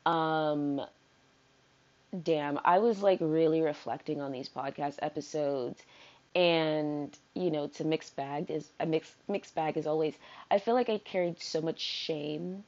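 A woman's voice: deep voice, steady tone, a little slow, darkish tone, dull audio. A woman hosting her own solo podcast, talking casually in a rambling way with lots of fillers and free swearing. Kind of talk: casual unscripted podcast monologue.

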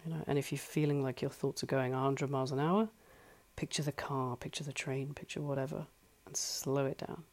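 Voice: medium pitch, little pitch movement, fairly quick. A life coach giving earnest, conversational advice from home, repeating points for emphasis. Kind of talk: solo advice talk. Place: home flat.

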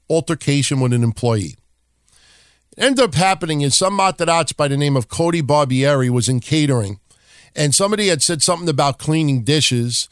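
A man with a slightly high voice hosts a wrestling history podcast. He talks casually and bluntly, with profanity and wry asides, and the recording is dry and close. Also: smooth, no room sound. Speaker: podcast host.

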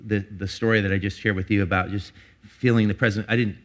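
A man's voice: fairly low pitch, level tone, fast talker, a bit bright. A middle-aged man, a pastor, preaching in church in a candid, conversational way, telling a personal story with frequent restarts. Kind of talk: sermon.

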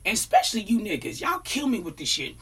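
Blunt woman ranting with husky voice. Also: medium pitch, wildly swooping pitch, quick pace. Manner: blunt, profane, emphatic. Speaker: vlogger giving opinions. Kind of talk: casual commentary rant.

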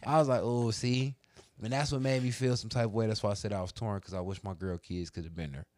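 A man casually telling a story in a lively, profane, drawling way. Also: on the low side, fast, dry recording.

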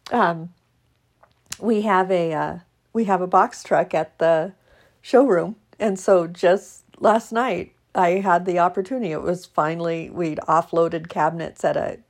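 A woman's voice: lowish voice, a little mellow. Chatty woman vlogger, laughing often. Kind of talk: casual chat to followers.

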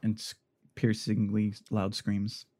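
A man's voice: fairly low pitch, monotone, takes it slowly, mellow, dry recording. A man hosting a podcast over a remote call, laid-back and wry in short casual replies. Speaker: podcast host. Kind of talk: casual chat. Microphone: remote call mic.

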